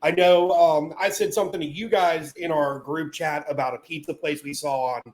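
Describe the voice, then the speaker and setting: A man's voice: a little high, steady tone, normal speed. A man co-hosting a casual podcast who talks in a laid-back, dry way with frequent ums. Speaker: podcast co-host.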